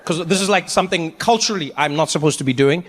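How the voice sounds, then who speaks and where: Man from africa, stand-up storyteller, high voice, long stage reverb. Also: fast. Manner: animated storytelling with many acted voices. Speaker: stand-up comedian. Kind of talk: stand-up comedy.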